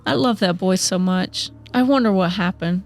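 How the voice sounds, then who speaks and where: A woman's voice: mid-range voice, normal speed, lightly acted. A woman voicing a fiery young wife who talks bluntly and swears. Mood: grieving.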